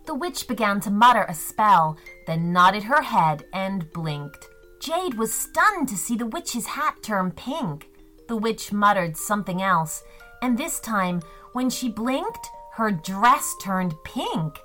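A woman narrates a children's story gently and expressively, taking it slowly in a mid-range voice. Faint music plays behind her.

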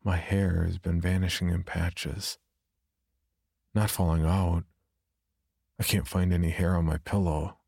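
A man narrating a first-person horror story in a subdued, brooding way, with a husky, gravelly voice. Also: low-pitched, little pitch movement, measured pace, long pauses, a little mellow, dry recording, studio quality.

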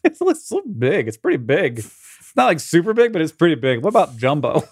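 A man in his forties co-hosting a podcast, excitable and self-deprecating, laughing easily. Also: fairly high pitch, brisk, slightly rough, no echo, studio quality. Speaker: podcast co-host. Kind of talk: casual chat.

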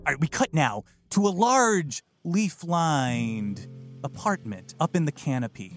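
A man narrating as game master of a comedic tabletop game, playful and quick to laugh. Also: fairly high pitch, sing-song, music in the background.

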